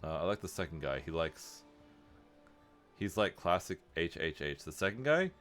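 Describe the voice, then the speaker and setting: Male game streamer, very deep voice, offhand and profane while playing. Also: big pitch swings, normal speed, fairly bright tone, faint music behind. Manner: offhand, swearing, reads text aloud. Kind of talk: casual gameplay commentary.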